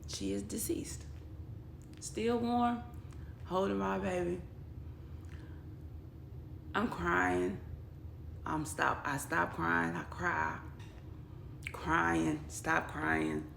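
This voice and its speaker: Gravelly-voiced woman telling her own story. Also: lowish voice, steady tone, drawn-out words, pauses often, fairly bright tone. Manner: blunt and emotional, quotes others in dialogue. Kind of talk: personal storytelling vlog. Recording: echoey room with faint background noise.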